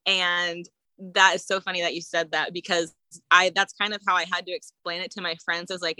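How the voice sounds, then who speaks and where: A woman tells her story casually, laughing often and piling on fillers. Her voice is bright and forceful, pitched a bit low. The sound is dry and close. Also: level tone, a little fast, no echo, poor audio. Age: late 20s. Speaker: guest sharing her story.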